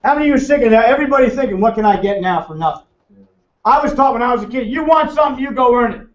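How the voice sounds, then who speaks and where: A man's voice: extremely high pitch, rapid-fire. A man giving a brash, joking financial seminar to a room, teasing the audience as he talks. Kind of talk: lively seminar talk to a room. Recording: roomy, distant, muffled room recording.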